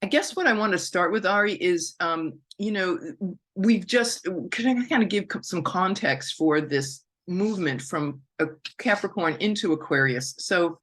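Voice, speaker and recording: A woman's voice: on the low side, lively intonation, moderate pace, a bit bright. A woman hosting a podcast, introducing her guest in an effusive, chatty and spiritual way. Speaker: podcast host.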